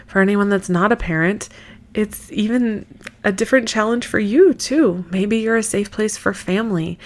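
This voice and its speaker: A woman in her thirties hosting a solo podcast, talking frankly and earnestly, swearing casually and laughing easily. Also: medium pitch. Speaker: podcast host. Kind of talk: candid solo podcast monologue.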